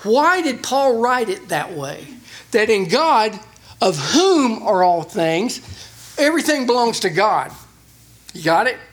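A man preaching a sermon, reading scripture and explaining it with rising emphasis. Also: slow. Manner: animated, rising in pitch when emphasizing. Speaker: pastor.

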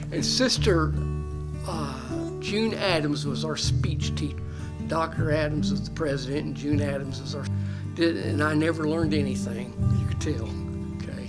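An older man, a pastor, preaching a sermon on Bible verses with earnest emphasis and homely asides. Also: a little high.

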